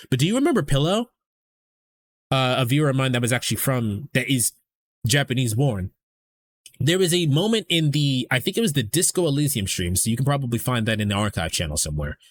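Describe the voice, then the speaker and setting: A man's voice: medium pitch, a little hiss or hum. A man hosting a live stream, talking in a casual, rambling way and swearing freely. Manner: rambling, profane, conversational. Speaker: streamer host.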